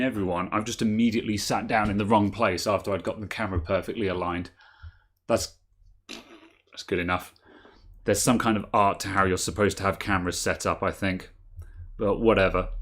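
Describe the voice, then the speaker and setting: A man's voice: on the low side, a bit bright. A man hosting a live tech podcast stream, chatting casually, laughing often and thinking aloud with fillers. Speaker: podcast host.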